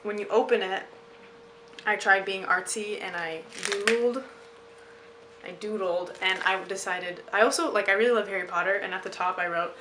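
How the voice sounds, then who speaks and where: Bright, chatty young woman. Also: medium pitch, moderate pace, a little hiss or hum, low-quality recording. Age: young adult. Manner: chatty and self-mocking, laughing at herself. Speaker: vlogger. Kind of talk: casual chat to camera.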